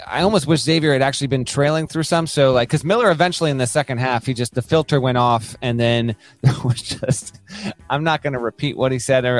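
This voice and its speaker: A man co-hosting a casual sports podcast, talking in animated bursts with quick asides and laughter. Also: fairly high pitch. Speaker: podcast co-host.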